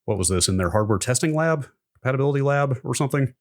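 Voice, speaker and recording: A man's voice: mid-range voice, expressive, fast talker, no room sound, studio quality. A man co-hosting a tech podcast, casually chatting, asking curious questions and summing up a blog post. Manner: curious, asks questions, reads aloud from a post. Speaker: podcast co-host. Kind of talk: casual chat.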